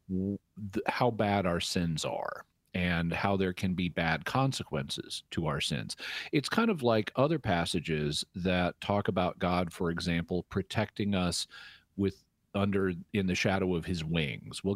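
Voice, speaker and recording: A man with a very deep voice answers listener questions on a call-in radio show. He explains things in a measured, teacherly way and sometimes restarts a sentence. The sound is dry and close. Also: dry recording.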